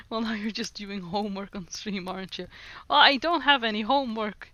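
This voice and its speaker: A woman's voice: mid-range voice, moderate pace, sharp tone, dry recording. A woman streaming herself practicing on a language app, native Norwegian speaker, giggling often and joking with her chat. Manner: giggly, self-mocking, chats with viewers. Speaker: livestreamer. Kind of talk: casual livestream chat while playing a language app.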